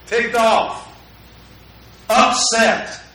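A pastor preaching a sermon in a conversational way, often putting questions to the congregation, in a church sanctuary. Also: male voice, extremely high pitch, steady tone, very slow, bright, forceful tone. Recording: echoey hall, mic at a distance.

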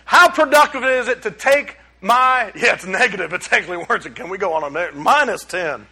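A man with a high, ringing voice preaches with a drawl. He sounds middle-aged, talking to his congregation in a folksy, plain-spoken way and pushing his points home with loud, emphatic bursts. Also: expressive, normal speed, breathy edge. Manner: folksy and emphatic, with rising exclamations. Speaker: pastor. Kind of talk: sermon.

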